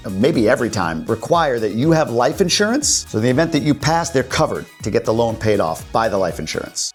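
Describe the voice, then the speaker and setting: Blunt, casual man explaining. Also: mid-range voice. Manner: casual, blunt, matter-of-fact, with asides and jokes. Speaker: real estate investor and channel host. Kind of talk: explanatory talk to camera.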